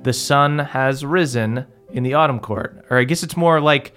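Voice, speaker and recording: A man's voice: mid-range voice, moderate pace, a bit bright, soft background music. A man narrating as game master of a tabletop game, in a laid-back, chatty way with many fillers.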